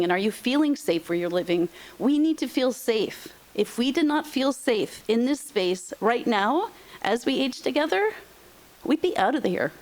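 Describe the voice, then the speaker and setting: A woman's voice: fairly high pitch, a little mellow. A middle-aged woman presenting on aging and senior housing, speaking emphatically and repeating her points, openly emotional. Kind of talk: heartfelt motivational talk.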